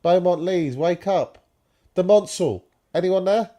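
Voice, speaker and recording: A man's voice: high-pitched, measured pace, mellow. A man co-hosting a casual live fan stream, chatting and bantering. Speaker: fan podcast co-host.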